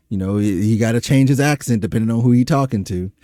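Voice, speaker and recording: A man's voice: medium pitch, expressive, brisk, dark tone, no room sound, clean studio sound. A man in his thirties hosting a solo podcast, giving emphatic, opinionated commentary with frequent fillers. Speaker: podcast host.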